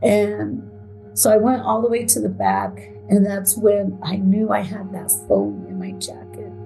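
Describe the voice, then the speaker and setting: Woman, gravelly, dark voice, halting testimony, soft music underneath. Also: mid-range voice, animated, low-quality recording. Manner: halting, hesitant, with fillers and repeats. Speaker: survivor telling her story. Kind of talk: emotional first-person account.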